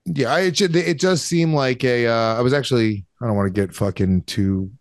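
A podcast co-host rambles through casual chat, swearing and using lots of fillers. He has a medium-pitched voice at normal speed, recorded cleanly in a studio with no room sound.

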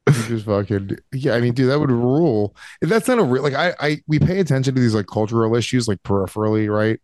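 Talking a little fast, the podcast co-host keeps up a rambling, profane, filler-heavy casual conversation. His medium-pitched voice is animated and darkish, with clean studio sound and no room noise.

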